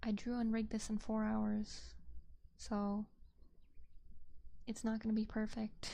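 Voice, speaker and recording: A young woman streamer chatting softly into a binaural mic, a rambling, whispered casual chat full of fillers. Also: on the high side, monotone, unhurried, creaky. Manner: soft, rambling, with frequent fillers and light laughs. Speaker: VTuber ASMR streamer. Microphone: binaural dummy-head mic.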